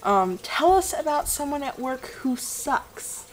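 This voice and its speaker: A woman's voice: high-pitched, sing-song, measured pace, slight background noise, rough recording. A young woman chatting casually to her webcam, reading viewer questions aloud and rambling through puzzled answers. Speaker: vlogger.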